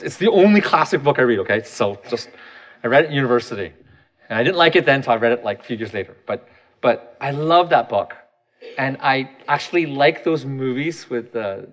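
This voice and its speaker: A man's voice: medium pitch, a bit bright. A man in his thirties giving a candid, self-deprecating personal talk, often restarting his sentences.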